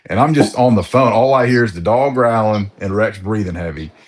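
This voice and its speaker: A man's voice: on the low side, fairly quick. Frustrated man in his forties on a call. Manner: frustrated, retells conversations. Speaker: coaching client. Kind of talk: casual call.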